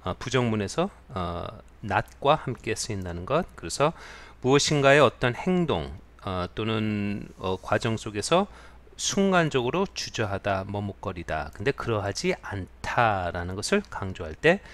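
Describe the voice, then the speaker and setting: A man's voice: fairly low pitch, sing-song, very fast, a bit bright. A man teaching an English idiom in a video lesson, explaining at length with many fillers.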